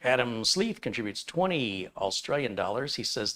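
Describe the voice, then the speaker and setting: A man's voice: medium pitch, sing-song, normal speed, fairly bright tone. Chatty man hosting a tech livestream. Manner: folksy, chatty, chuckles mid-sentence. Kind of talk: live Q&A with viewers.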